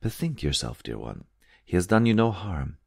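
A gentle old woman speaks in a soft, melodious hush, read out by a man. She is stately and kind, and she pleads with quiet tenderness. The voice sits very low and sounds dry and close. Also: big pitch swings, moderate pace, creaky, breathy edge, no echo, exaggerated voice. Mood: gentle pleading.

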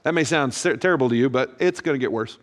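A middle-aged man, a pastor, telling funny stories in a sermon with a deadpan, self-mocking delivery, acting out both sides of conversations. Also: medium pitch, quick pace. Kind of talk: humorous sermon storytelling. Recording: long reverb of a large hall.

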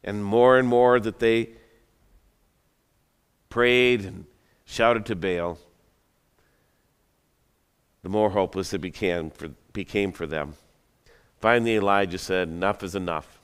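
A man's voice: lowish voice, slow pace, long pauses, clear, resonant tone. A man preaching a sermon, retelling a story in a conversational, dramatic way with joking asides. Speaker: pastor. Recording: long hall reverb.

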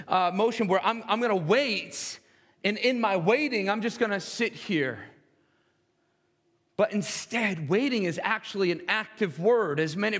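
A man's voice: high-pitched, a bit bright. A young adult man, a worship pastor, preaching a sermon earnestly, often stammering and restarting his words. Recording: long hall reverb.

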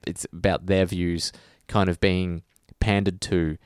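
A man's voice: deep voice, little pitch movement, measured pace, clean tone, dry recording, studio quality. A man co-hosting a podcast in casual chat, ranting heatedly with profanity and restarts. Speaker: podcast co-host.

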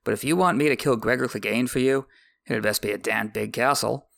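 A man's voice: mid-range voice, brisk, vocal fry, a bit bright. A man voicing a blunt, mercenary male sellsword who talks in a mocking, no-nonsense way.

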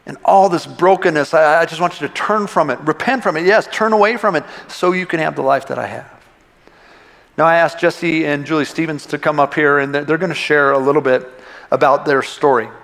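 An impassioned man preaching in a church, his voice pitched a little high for a man. He drives each point home with repetitions and restarts. A long reverb from the big sanctuary trails after his words. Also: brisk, creaky, a bit bright. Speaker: pastor. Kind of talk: sermon. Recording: long reverb of a large hall.

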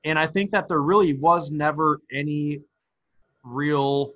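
A man with a somewhat high voice talks through his thoughts on a film in casual podcast chat, pausing and restarting his sentences. The audio is dull and lo-fi. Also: a bit bright. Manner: hesitant, restarts often. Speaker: podcast co-host. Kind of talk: casual movie review chat.

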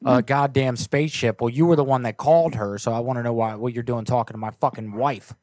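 A man's voice: medium pitch, fairly even intonation, fast, a little mellow, no echo, natural voice. Man doing a hot-tempered husband, confrontational, dry mic. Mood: angry. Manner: confrontational, demanding. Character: angry jealous husband confronting a caller.

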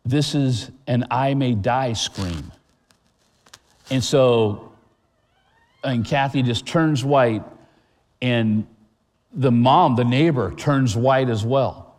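A middle-aged man delivers a sermon in an earnest, conversational way, often pausing with fillers and restarting his phrases. His voice sits in an ordinary middle pitch. The recording carries the long reverb of a large church hall. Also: darkish tone. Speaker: pastor.

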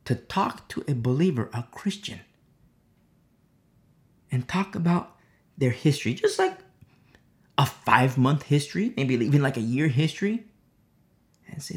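A man preaching a sermon with passion, repeating phrases and swinging from loud bursts to hushed, near-whispered lines. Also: mid-range voice, sing-song, a little slow, pauses often. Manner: impassioned, repetitive, swings between loud and hushed.

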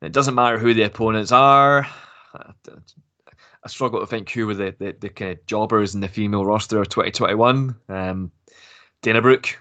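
A man's voice: on the low side, normal speed, sharp tone. A man from Glasgow, speaking without a Scottish accent, casually recapping a wrestling storyline with jokes, swearing and laughs. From Glasgow, Scotland. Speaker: podcast host recapping wrestling.

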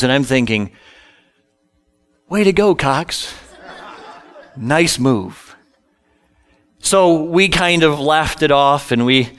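A man's voice: mid-range voice, fairly bright tone, clean tone. A middle-aged male pastor telling a humorous personal story in a sermon, self-deprecating and conversational.

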